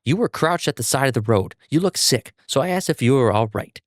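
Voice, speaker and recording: A man's voice: medium pitch, animated, a little fast, no echo, studio quality, voice pushed up, natural voice. A man voicing a blunt, irritated young woman who scolds in a snappy way.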